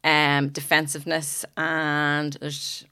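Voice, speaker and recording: A woman in her forties, chatting frankly on a podcast as a guest, animated and sweary. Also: low-pitched, takes it slowly, clean tone. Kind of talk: casual chat.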